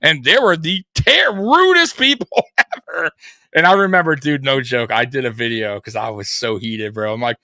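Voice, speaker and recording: A man's voice: mid-range voice, lively intonation, normal speed, pushed and bright, no echo, studio quality. A man co-hosting a live sports show, talking casually, profane and rambling.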